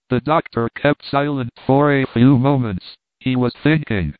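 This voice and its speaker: A man reading an audiobook as narrator, in a steady, even manner. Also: mid-range voice, unhurried, few pauses, no room sound. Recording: tinny phone-like dry sound.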